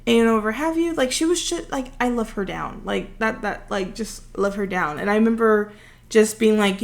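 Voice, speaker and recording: A woman's voice: mid-range voice, moderate pace, creaky. A young woman in her twenties chatting through a long, rambling, self-deprecating story while building, close to the microphone. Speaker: vlogger. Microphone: close desk microphone.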